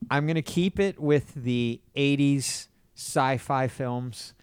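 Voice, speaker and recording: Profane, excitable man podcast host. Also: medium pitch, slow pace, smooth, no room sound. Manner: excitable, profane, swings between loud outbursts and muttering. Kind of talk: casual crude podcast banter.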